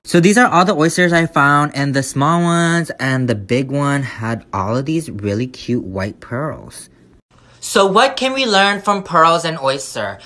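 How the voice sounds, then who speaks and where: Sassy young man, lively swooping pitch. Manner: sassy, profane, dramatic shrieks and gasps. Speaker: vlogger. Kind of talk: casual vlog chat.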